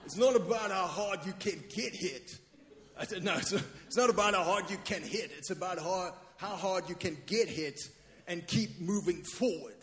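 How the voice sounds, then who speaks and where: A man preaching, putting on an impression of a gruff boxing movie hero, with a raised, louder voice. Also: high voice, moderate pace, voice pushed up. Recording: long hall reverb.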